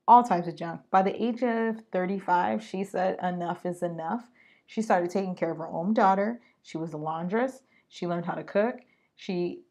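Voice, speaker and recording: A woman hosts her own podcast, talking right to her listeners. Her voice sits a little low with a gravelly edge, and she talks in a lively, slangy way. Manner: animated, slangy, speaks straight to listeners. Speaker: podcast host. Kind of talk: solo podcast talk.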